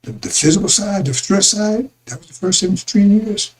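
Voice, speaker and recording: A man's voice: high-pitched, fairly quick, a little hiss or hum, rough recording. A man giving a rambling religious talk to his listeners, repeating himself and calling them brothers and sisters. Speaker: religious broadcaster.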